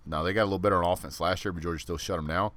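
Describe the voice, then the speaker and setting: A man's voice: deep voice, steady tone, racing, a bit bright. A man hosting a live sports stream, chatting casually and rambling in a laid-back way. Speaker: host of a sports channel.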